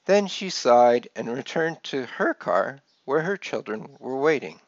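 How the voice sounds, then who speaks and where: Slow, gravelly man reading his memoir. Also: medium pitch, no echo. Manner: gentle storytelling, lively voices for quoted people. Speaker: author reading his book. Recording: dull lo-fi dry recording.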